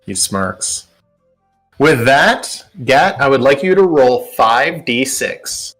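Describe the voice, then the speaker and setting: A man narrating as game master of a tabletop game in a measured way. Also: mid-range voice, sing-song, fairly bright tone, faint music behind.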